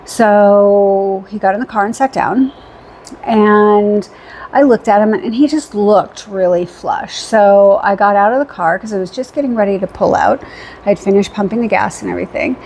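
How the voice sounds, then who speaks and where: A woman's voice: medium pitch, moderate pace, a little hiss or hum. A woman vlogger casually recapping her weekend, chatty and rambling with fillers, acting out what was said. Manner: animated retelling with quoted dialogue.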